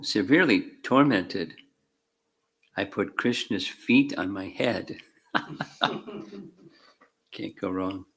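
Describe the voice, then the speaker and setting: Slow, bright-voiced man reading scripture. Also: lowish voice. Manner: deliberate reading in short phrases, calling out verse numbers with dry asides. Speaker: spiritual teacher. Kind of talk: reading scripture aloud with commentary.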